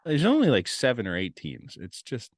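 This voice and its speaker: Blunt, animated man in a dry close recording. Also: medium pitch, normal speed, no echo. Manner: blunt and opinionated, laughs often. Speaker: podcast co-host. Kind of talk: casual sports chat.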